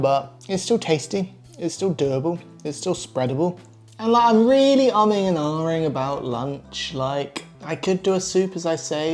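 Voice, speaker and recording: A man talking casually to camera in a vlog, thinking out loud in a chatty, easygoing way. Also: on the high side. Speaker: vlogger.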